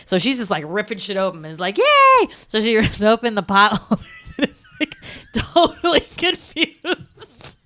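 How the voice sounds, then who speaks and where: A woman's voice: medium pitch, animated, normal speed, fairly bright tone. A woman co-hosting a podcast, telling family stories in casual chat, laughing often and filling her talk with "like". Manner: storytelling, laughs often, says like a lot. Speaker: podcast co-host.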